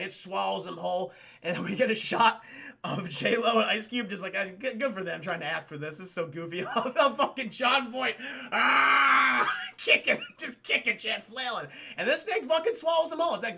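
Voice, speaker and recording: Animated swearing streamer with a high, gravelly voice. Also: male voice. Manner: animated, swearing, acts out characters in goofy voices. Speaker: streamer reviewing a film. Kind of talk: profane live-stream movie recap.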